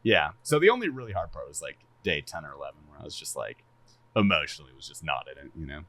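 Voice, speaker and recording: A man casually chatting on a podcast, animated and laughing a lot, swearing freely and stumbling over repeated words. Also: a bass voice, quick pace, dry recording. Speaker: streamer and podcast co-host.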